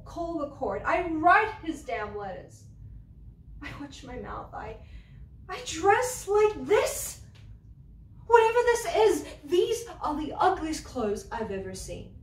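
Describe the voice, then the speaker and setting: A woman's voice: sits high, echoey room, distant mic, a little hiss or hum. A woman playing a fiery, foul-mouthed young woman. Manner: profane, confrontational outbursts. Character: fiery young woman, ex-waitress, quick-tempered and defiant. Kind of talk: theatre monologue.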